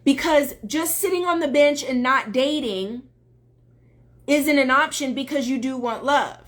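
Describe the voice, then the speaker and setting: A woman's voice: high-pitched, unhurried, a bit bright. A woman dating coach talking on a live stream, earnest and emphatic, greeting viewers as they join.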